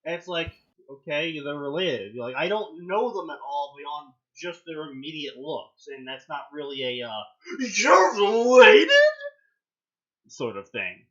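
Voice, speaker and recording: A man hosting a fanfiction reading show, reading aloud with mocking commentary and acting out quoted lines in loud, high outbursts. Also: moderate pace, lo-fi sound.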